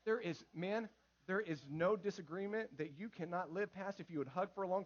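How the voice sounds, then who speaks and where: A man in his thirties preaching a sermon in church, lively and full of acted quotes. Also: high-pitched, moderate pace, highs cut off. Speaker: pastor.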